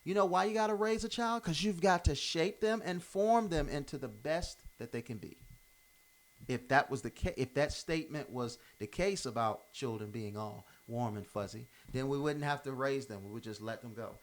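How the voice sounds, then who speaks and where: With a medium-pitched voice, lively intonation, and normal pace, this man delivers off-the-cuff motivational talk as a life-advice commentator. He's emphatic and casual, dropping verbs, restarting phrases, and repeating himself often.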